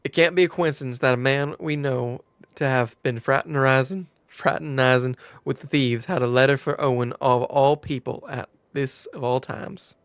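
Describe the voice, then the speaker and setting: A man's voice: medium pitch, very fast, dark tone, clear, resonant tone, no echo, natural voice. A man reading as a shrewd southern innkeeper woman. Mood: confiding. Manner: reads game dialogue aloud with a put-on southern drawl. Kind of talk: reading game dialogue aloud.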